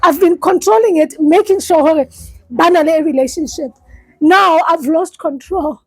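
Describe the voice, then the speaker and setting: South African woman, life coach, high voice, halting earnest testimony, dry close sound. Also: no room sound, low-quality recording. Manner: earnest, halting, repeats herself. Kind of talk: personal testimony in a support session.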